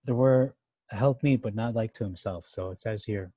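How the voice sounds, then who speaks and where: A man teaches through a Bible passage verse by verse in an easygoing, conversational way, with fillers and side remarks. His voice sits low and dark with a husky edge. The recording is dry and close, with no room sound. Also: normal speed, no echo, rough recording. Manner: conversational, thinking aloud with fillers and asides. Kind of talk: casual verse-by-verse Bible study.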